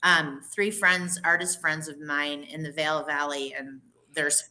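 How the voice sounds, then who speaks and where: A woman's voice: deep voice, fairly even intonation, measured pace, sharp tone. A woman guest in a casual talk show, playful and upbeat. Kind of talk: casual chat.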